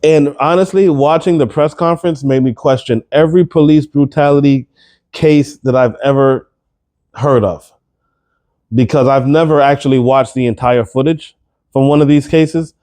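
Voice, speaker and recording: A commentary vlogger gives his opinion straight to the camera in a warm, medium-pitched voice at a moderate pace. He's emphatic and incredulous, firing off rhetorical questions and repeating words as he gets worked up.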